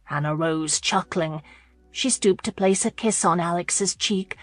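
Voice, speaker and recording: A woman narrating a historical romance audiobook in a measured, even storytelling manner. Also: lowish voice, dry recording, soft background music.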